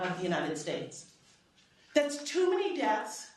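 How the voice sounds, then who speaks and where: Middle-aged woman lecturer, higher voice, animated storyteller, recorded from afar in a reverberant hall. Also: measured pace. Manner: animated storyteller, acts out quoted dialogue, frequent "right?". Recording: echoey hall, voice from far off.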